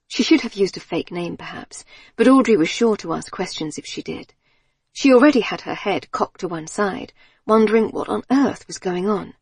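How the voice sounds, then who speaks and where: Breathy woman narrating a story. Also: mid-range voice, moderate pace, a little mellow, dry recording, clean studio sound. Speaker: audiobook narrator. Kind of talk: scripted narration.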